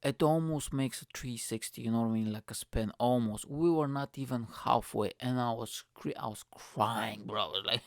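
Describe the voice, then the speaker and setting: A young man hosting a podcast, ranting in a profane, animated, casual comic style. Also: medium pitch, normal speed, hardly any pauses, no room sound, studio quality. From Bulgaria. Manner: profane, animated, lots of fillers. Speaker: podcast host.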